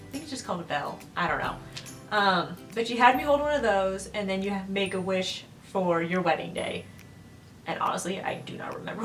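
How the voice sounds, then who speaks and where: A woman in her twenties chatting casually in a vlog, rambling with lots of "like" and "um". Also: medium pitch. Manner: rambling, full of "like" and "um". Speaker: vlogger. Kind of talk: casual chat. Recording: roomy echo, distant from the mic, faint music.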